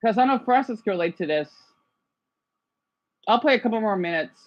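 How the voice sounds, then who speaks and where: A woman's voice: medium pitch, lively intonation, a little fast, muffled recording, a little hiss or hum. A woman livestreaming, chatting casually as she reacts to videos, often adding "right?" to her points. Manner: chatty, frequent "right?" tags.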